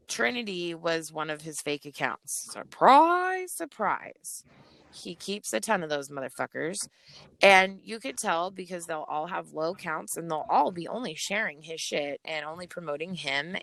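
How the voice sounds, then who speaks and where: A woman rapper guesting on a podcast retells a story bluntly and casually, animated and swearing heavily. Her voice is medium in pitch with vocal fry, and the recording has no room sound.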